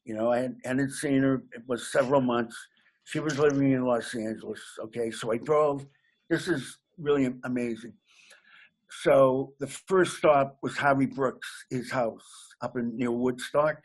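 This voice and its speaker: A man from Massachusetts, a comedian guest telling a lively anecdote. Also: medium pitch, normal speed. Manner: animated anecdote teller, laughs along. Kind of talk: casual storytelling.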